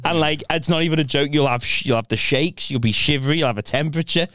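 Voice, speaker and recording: A man's voice: fairly high pitch, fast, a bit bright, smooth. A man in casual podcast chat, making emphatic points and repeating himself for stress.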